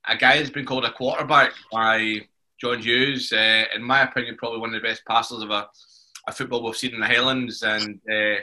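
A man's voice: medium pitch, level tone, brisk, bright, forceful tone. A man hosting a football podcast in jokey, casual banter, swearing freely and calling his guest "mate". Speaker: podcast host.

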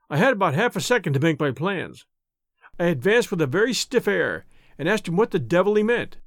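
Male audiobook narrator, high voice, very lively pitch, dry close sound. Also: no room sound. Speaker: audiobook reader.

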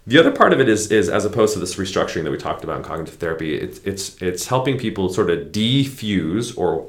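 A man, a clinical psychologist guest, explaining therapy ideas in a relaxed conversational way and often checking in with "right?". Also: low-pitched, fast. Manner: explanatory, frequent "right?" tag questions. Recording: roomy echo.

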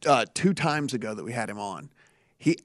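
A man's voice: mid-range voice, animated, moderate pace, no room sound, clean studio sound. A man co-hosting a sports betting show, talking casually and playfully with frequent restarts.

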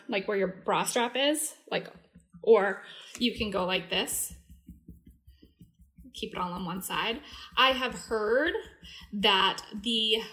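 A woman's voice: medium pitch, fairly bright tone. A woman, casually teaching emotional tapping on a live video, rambling with lots of likes and ums, acting out her own venting as she demonstrates. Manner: chatty, rambling, self-interrupting with likes and ums. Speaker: EFT tapping coach.

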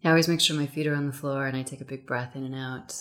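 A woman with a low voice hosts a relaxed podcast conversation over a video call. She talks fast and eagerly, piling one thought onto the next. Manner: animated, quick-talking, self-described fast speaker. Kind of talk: casual conversation.

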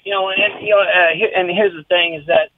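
A male guest calling in by phone, talking in a relaxed drawling way. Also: high-pitched, a little fast, no echo. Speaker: guest caller. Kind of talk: phone interview. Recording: tinny dry phone line.

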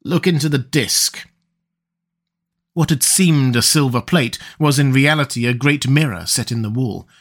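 A man giving an audiobook narration of a pulp adventure story, with a steady, even delivery. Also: mid-range voice, moderate pace, few pauses.

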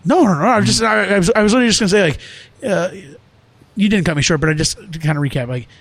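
A man's voice: high voice, racing, fairly bright tone, no room sound. Earnest man rambling in casual talk. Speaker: restaurant owner. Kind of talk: casual podcast conversation.

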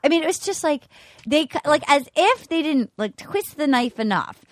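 A woman hosting a podcast, talking in an excitable, rambling, jokey way. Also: high-pitched, moderate pace, no room sound. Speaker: podcast host. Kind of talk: casual chat.

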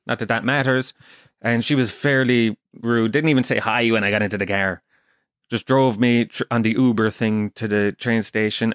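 An Irish man hosting a podcast, telling animated comic stories with plenty of swearing. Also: medium pitch, no echo, clean studio sound. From Ireland. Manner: animated storytelling, swears a lot, acts out quotes. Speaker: podcast host. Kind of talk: casual comedic monologue.

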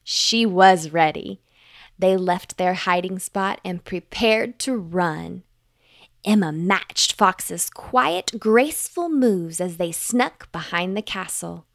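Gentle woman reading a bedtime story. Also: on the low side, dry recording, studio quality. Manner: gentle, clear, unhurried.

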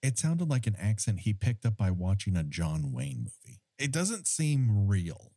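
A man's voice: on the low side, sing-song, measured pace, warm tone, no echo, studio quality. A man co-hosting a podcast in casual chat, ranting with wry, mock-indignant humor. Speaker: podcast co-host.

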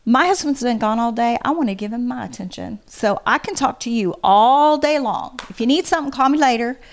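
Middle-aged woman, interview guest, earnest heartfelt delivery, voice sits a little high. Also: a little fast. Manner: earnest, heartfelt advice-giving. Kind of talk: casual conversation.

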